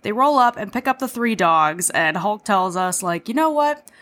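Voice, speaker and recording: A woman's voice: medium pitch, expressive, moderate pace, a bit bright. A woman hosting a podcast, recapping an episode in a chatty way, with swearing and self-deprecating asides. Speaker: podcast host.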